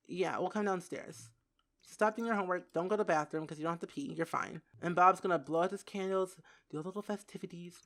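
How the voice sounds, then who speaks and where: A young woman giving casual gameplay commentary who giggles, gets excited and says "like" a lot. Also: fairly low pitch, fast. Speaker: gaming video creator.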